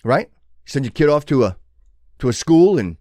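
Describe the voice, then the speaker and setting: A male host in full sermon-like flow, exhorting his listeners with fervent conviction. His pitch swings widely from low to high as he drives each point home, stumbling through restarts along the way. The sound is dry and close, with no room around it. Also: very animated, moderate pace, mellow, no echo. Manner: preachy, builds to fervent exhortation with many restarts. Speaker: show host. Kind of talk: impassioned motivational monologue.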